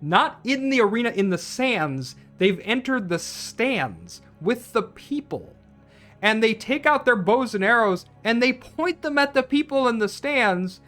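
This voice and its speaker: A man's voice: extremely high pitch, very animated, unhurried, pushed and bright, soft background music. A man recapping a film plot in a casual, profane rant, full of restarts and tangents. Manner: rambling, profane, with many restarts. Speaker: film reviewer.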